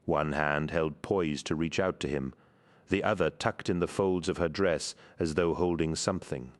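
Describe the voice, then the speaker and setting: Deep male narrator, measured scripted storytelling. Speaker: audiobook narrator.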